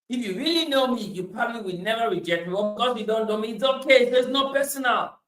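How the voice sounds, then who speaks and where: A man giving a motivational talk, emphatic, repeating his points and swinging between loud bursts and quieter stretches. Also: extremely high pitch, fast, few pauses, reverberant, poor audio. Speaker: motivational speaker.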